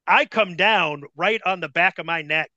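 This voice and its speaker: High-voiced, bright-toned man telling a story. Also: normal speed, no room sound, muffled recording. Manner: profane, animated storyteller. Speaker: podcast guest, former wrestler. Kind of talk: casual anecdote telling.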